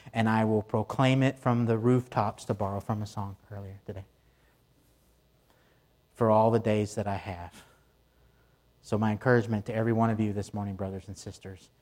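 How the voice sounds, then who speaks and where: A male pastor delivering a Sunday morning sermon, excited and emphatic, repeating phrases for emphasis. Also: mid-range voice. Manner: excited preaching with repetitions and rising emphasis.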